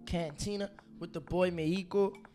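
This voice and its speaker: A man's voice: high voice, steady tone, normal speed, dark tone, faint music behind. A young man with a South African accent, co-hosting a casual podcast and chatting in a laid-back, slangy way. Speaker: podcast co-host and DJ. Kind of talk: casual chat.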